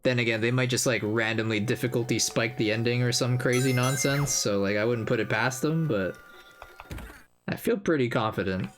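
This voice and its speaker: A young man chatting casually as he plays a video game, thinking aloud in a relaxed, slangy way. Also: medium pitch, normal speed, soft background music. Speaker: gamer playing through a game.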